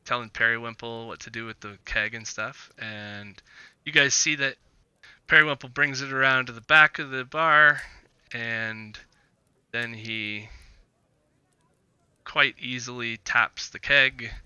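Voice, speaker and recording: A man narrating as game master of a tabletop game, his voice bright and crisp. He talks haltingly with plenty of fillers, and the sound is dry and a little muffled. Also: medium pitch, fairly even intonation, no echo. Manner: halting, many fillers, drops quiet.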